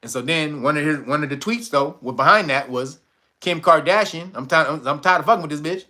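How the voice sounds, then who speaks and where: A man hosting a casual livestream, reading viewer comments and reacting loudly with profanity and frequent laughter. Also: fairly high pitch, brisk. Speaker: livestream host reading chat.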